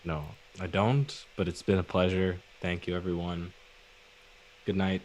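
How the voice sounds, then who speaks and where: Deep-voiced newfoundland guy cohosting a stream, dry and tired jokes, faint hiss behind. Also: level tone, unhurried, a little mellow, poor audio. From Newfoundland, Canada. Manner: dry, laid-back, tired late-night wit. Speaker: podcast co-host. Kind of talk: casual livestream chat.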